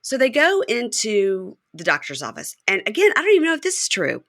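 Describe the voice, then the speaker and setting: Bright-voiced woman recapping reality tv. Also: on the high side, huge pitch swings, no room sound, clean studio sound. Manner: chatty recapper, acting out the cast's lines in quick voices. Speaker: podcast host recapping a reality show. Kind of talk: casual chat.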